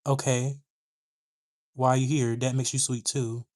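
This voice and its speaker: A young woman hosting a livestream, telling a story to her chat in a sassy, animated way. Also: a bass voice, measured pace. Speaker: livestream host.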